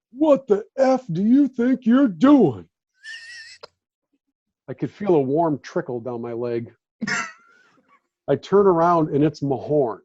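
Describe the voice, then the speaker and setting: Fifties ex-reporter guest, warm voice on dull, dry lo-fi audio, tells stories and acts out quotes. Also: male voice, mid-range voice, dry recording. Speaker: podcast guest, former sports beat reporter. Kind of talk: casual storytelling chat.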